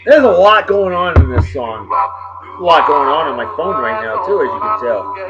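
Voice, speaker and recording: A man's voice: high-pitched, very animated, moderate pace, over loud music. A man hosting a casual video show, rambling with playful, exclamatory asides in a dull lo-fi home recording. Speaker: host. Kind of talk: casual video blog chat.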